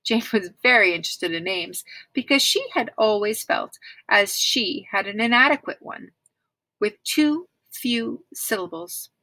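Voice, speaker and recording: Woman narrator for a read-aloud chapter book, expressive, bright, close dry sound. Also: mid-range voice, unhurried, no echo, poor audio. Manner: clear, expressive storytelling with asides to listeners. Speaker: reader. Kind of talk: reading a children's book aloud.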